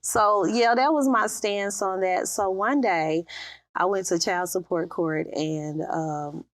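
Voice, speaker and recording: A woman's voice: medium pitch, slow, no room sound. A woman in her fifties, a guest author, telling her life story in a candid, plain-spoken way with laughs between thoughts.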